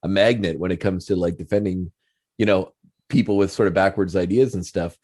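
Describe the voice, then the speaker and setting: A man's voice: sits low, fairly even intonation, brisk, darkish tone, no room sound, studio quality. A man hosting a podcast, asking long rambling questions full of fillers. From Canada. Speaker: podcast host. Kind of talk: casual interview chat.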